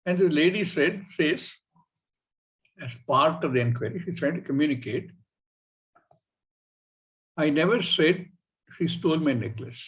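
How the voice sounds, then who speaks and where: High-voiced Indian man teaching scripture. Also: lively intonation, fairly bright tone, highs cut off. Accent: Indian English. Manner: measured, illustrative, acts out examples. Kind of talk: spiritual class lecture.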